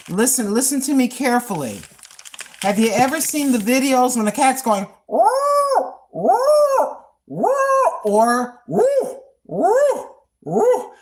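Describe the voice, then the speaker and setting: An older woman talks to her viewers in a loose, rambling vlog monologue. She circles back to repeat her points and chuckles at her own asides. Her voice sits a little high, swoops up and down, and moves at an unhurried pace. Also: darkish tone. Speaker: cooking and lifestyle vlogger.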